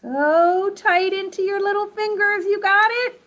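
A woman hosting a children's sing-along activity lesson, who talks slowly and encouragingly, straight to young children at home. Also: very high voice, a bit bright. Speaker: children's program host.

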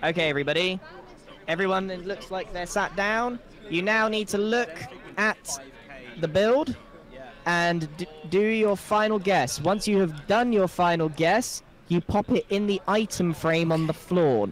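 Guy hosting a charity game stream, calling out rounds, high voice. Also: a little slow. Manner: clear instructive. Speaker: event host.

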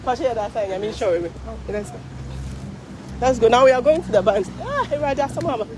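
A woman's voice: a little high, animated, brisk, a little mellow, a little hiss or hum. A Ghanaian woman vlogging live while walking along a street parade, tired from the walk, chatty and exclaiming. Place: outdoor city street at a parade.

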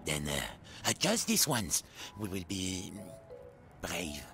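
A huffy little hermit crab with a gravelly voice, played by a man, low-set but swinging wildly up and down as he scolds. He is rude, fussy and timid all at once, a game character with music playing behind him. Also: big pitch swings, slow, full character voice. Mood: nervous. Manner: huffy, scolding, rhyming quips. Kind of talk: video game voice acting.

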